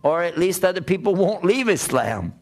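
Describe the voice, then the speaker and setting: A man giving a religious talk to an audience, lively and questioning, often acting out the voices of the people he quotes. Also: sits high, moderate pace. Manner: animated, plays out quoted voices and asks rhetorical questions. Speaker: Islamic preacher.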